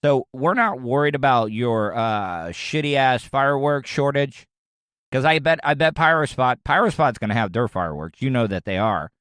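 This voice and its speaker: A man's voice: mid-range voice, animated, normal speed, a bit bright, clean tone, no echo, studio quality. A man from Florida hosting his own podcast, riffing in a crude, sarcastic, rambling way. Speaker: podcast host. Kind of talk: casual comedic commentary.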